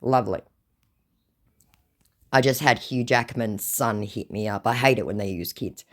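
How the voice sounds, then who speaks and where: A woman's voice: a bass voice, measured pace. A woman host telling a story in a dry, sarcastic way, reading out scam chats. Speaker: scam baiter, channel host. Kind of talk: casual storytelling to camera.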